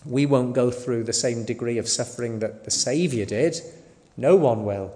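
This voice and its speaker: A man preaching a sermon in a slow, deliberate way, sometimes asking the listeners rhetorical questions. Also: medium pitch, a little mellow. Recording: long hall reverb.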